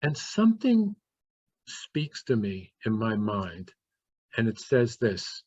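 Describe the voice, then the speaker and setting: A man's voice: on the low side, animated, moderate pace, darkish tone, husky, dry recording. A man earnestly recounting a personal story, vividly acting out his own inner thoughts as he goes. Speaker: guest. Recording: dull, dry lo-fi recording.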